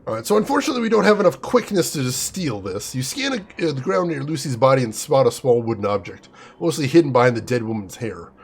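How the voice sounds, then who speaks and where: Animated man doing let's-play commentary. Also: medium pitch, fast, hardly any pauses, breathy edge. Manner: animated, excitable storyteller, laughs and yelps easily. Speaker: gaming channel host.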